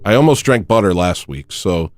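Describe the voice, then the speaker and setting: A man hosting a comedic livestream, chatting in a rambling deadpan way and thanking viewers for tips. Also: sits low, moderate pace, soft background music. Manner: deadpan, drifts into loud baby-cry impressions. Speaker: livestream host.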